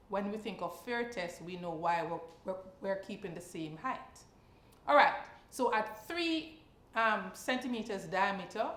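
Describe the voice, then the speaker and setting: A woman's voice: medium pitch, fairly bright tone, reverberant. A woman teaching a science exam practice lesson. She explains step by step and keeps checking in with questions to her students.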